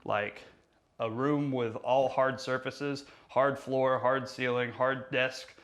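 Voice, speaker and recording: A man's voice: medium pitch, slow. A man hosting a casual how-to tutorial on a lav mic, talking with energy and plenty of inflection. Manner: energetic, talks with his hands, lively inflection. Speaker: marketing tutorial host. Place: room with hard surfaces.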